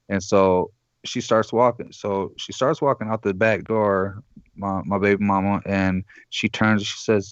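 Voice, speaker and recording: Phoning in as a guest, this Michigan man spins a long, rambling story laced with profanity, voicing the other characters himself. His voice is fairly low and steady at a moderate pace, captured with no room sound and dull audio.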